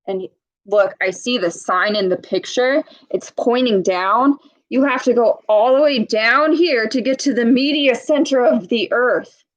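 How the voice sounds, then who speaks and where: A woman reading a children's picture book aloud, pausing to point out words and ask young listeners questions in a clear, teacherly way. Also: a little high, rough recording.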